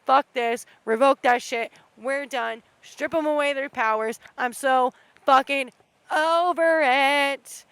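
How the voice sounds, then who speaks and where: Young female podcast host, high-pitched, dry close sound, swearing and rambling passionately in a solo rant. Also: steady tone, unhurried, a bit bright, clean tone, no room sound. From United States. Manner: profane, impassioned, rambling. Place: outdoors at night.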